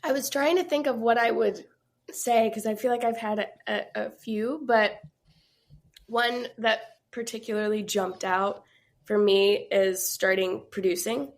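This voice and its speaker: A woman's voice: fairly high pitch, steady tone, measured pace, gravelly. Chatty sick woman with stuffy voice. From Georgia, USA. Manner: chatty, laughs often, many fillers. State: sick, congested voice. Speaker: guest musician. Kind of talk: casual interview chat.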